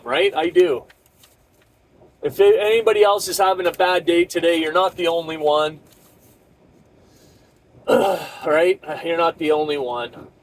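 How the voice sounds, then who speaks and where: A middle-aged male trucker with a fairly high voice rants about a rough day on the road. He swears constantly and rambles through restarts and asides as he vents about his load. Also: a little hiss or hum, low-quality recording. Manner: profane, rambling, frustrated storytelling. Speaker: truck driver. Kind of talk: casual ranting vlog.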